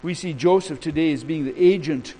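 A man's voice: fairly high pitch, a little fast, warm tone, breathy edge, poor audio. A man preaching a sermon as pastor, with impassioned repeated declarations and a casual storytelling turn.

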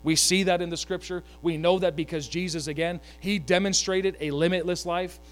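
High-voiced man preaching an animated sermon. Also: normal speed, faint music behind. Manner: animated, joking asides, calls for congregation to repeat. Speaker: pastor.

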